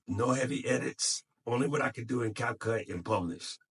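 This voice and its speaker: A man's voice: medium pitch, normal speed, slightly rough. A man talking casually to camera, encouraging other podcasters in a tired voice, recorded on his phone. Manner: encouraging, motivational, loose and unscripted.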